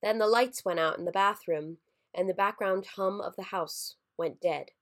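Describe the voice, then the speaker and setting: A woman narrating a scripted horror story in a measured, somber way. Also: mid-range voice, fairly bright tone. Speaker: story reader.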